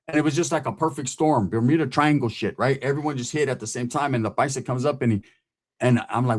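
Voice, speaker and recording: A middle-aged man tells a rough, profanity-laden story from his past in a loose, animated way. He keeps checking in with his listener by asking "right?". His voice sits at an ordinary middle pitch. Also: fast. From California. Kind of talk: casual storytelling.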